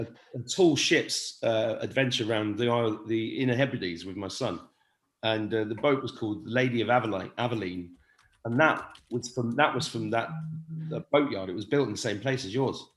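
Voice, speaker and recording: A man's voice: medium pitch, normal speed. A man hosting a casual chat, playful and joking. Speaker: host. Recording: echoey room.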